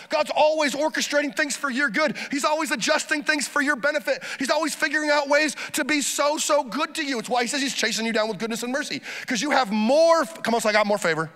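A pastor delivering a lively sermon, urging the congregation to repeat phrases after him. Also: male voice, very high-pitched, big-room sound.

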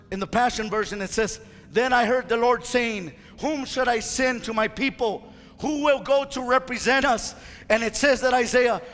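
Fiery high-voiced male preacher, gravelly. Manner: impassioned preaching, rising to shouts. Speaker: pastor. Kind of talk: fiery sermon. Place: church sanctuary. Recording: reverberant church hall with faint music.

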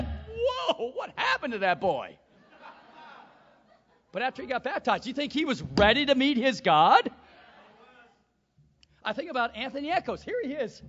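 Preacher, man, high lively voice, emphatic, asks the crowd for amens; muffled hall recording. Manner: emphatic, swings from quiet asides to shouting; calls out to the congregation for amens. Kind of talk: sermon.

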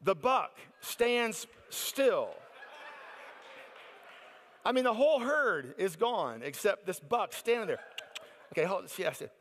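Animated male preacher in a big hall. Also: sits high, slow pace, pauses often, a little hiss or hum. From United States. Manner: animated storyteller acting out others' excited voices. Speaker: conference speaker. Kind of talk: storytelling sermon.

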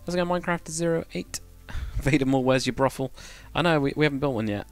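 A man's voice: a little high, fast talker, soft background music. A man chatting casually to viewers on a live stream, rambling and correcting himself as he goes. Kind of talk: casual live-stream chat while building.

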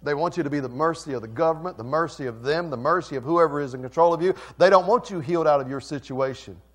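A male pastor preaching a passionate sermon that swings between loud and soft. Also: fairly high pitch, fast talker.

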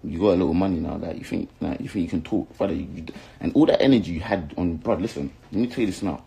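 In a heated to-camera rant, a young rapper with a South London accent from London, England, swears, insults, and repeats himself angrily. He talks fast in a low, creaky, mellow voice with a breathy edge, on a low-quality recording.

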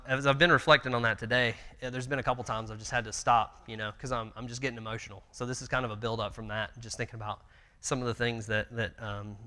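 A man's voice: mid-range voice, bright, forceful tone. A man in his thirties teaching a church Bible class, telling stories earnestly and conversationally with fillers. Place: church meeting room. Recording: long church hall reverb.

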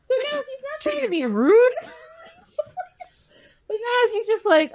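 A woman's voice: very high voice, very animated, slow, darkish tone, dry recording. A woman podcast host casually retelling a fairy tale, laughing often and acting out the characters. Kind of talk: casual storytelling chat.

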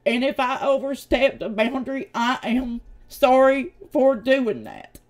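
A woman from Tennessee, giving a heated, profane vlog rant that swings between loud outbursts and hushed talk. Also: high voice, big pitch swings, a little slow. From Tennessee, USA. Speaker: YouTuber.

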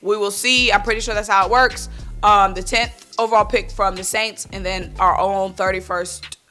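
A woman from talks football in a casual vlog, blunt and animated as she addresses her viewers directly. Her voice is bright and forceful at an ordinary pitch, and soft music plays faintly underneath. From Philadelphia. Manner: animated, worked-up, blunt, speaks to viewers as y'all. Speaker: sports vlogger. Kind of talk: casual sports opinion vlog.

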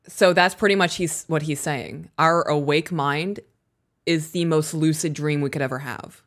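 A woman co-hosting a podcast, talking casually and telling stories in a candid, animated way, swearing freely. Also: low voice, normal speed. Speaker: podcast co-host.

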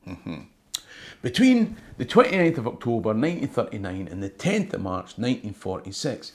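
Gravelly Scottish man, chatty and wry. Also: lowish voice. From Scotland. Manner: chatty and wry, mixes Scots words into English. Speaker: history tour guide and channel host. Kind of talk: casual talk to camera.

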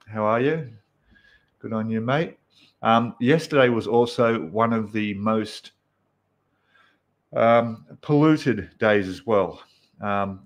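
A man with an Australian accent hosting a casual live stream from his apartment, greeting viewers by name and chatting with plenty of fillers. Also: lowish voice. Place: apartment room indoors.

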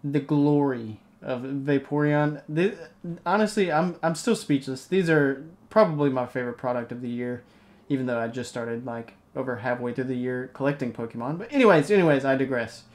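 A man hosting a casual unboxing video, talking excitedly and rambling as he opens card packs. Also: mid-range voice, moderate pace. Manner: excitable, rambling, hyped reactions. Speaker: card-opening channel host.

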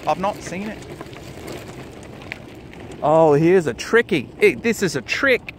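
A man's voice: on the high side, expressive, slow, slight background noise. A man giving playful, jokey running commentary while riding along a nature preserve trail outdoors. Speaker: vlogger.

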